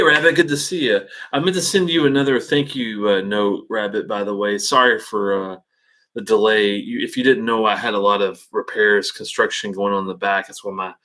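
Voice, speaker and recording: Man, low voice, casual webcam stream host, halting and thinking aloud. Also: fairly bright tone. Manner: halting, thinking aloud with many fillers and restarts. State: hiccups. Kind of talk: casual live-stream chat.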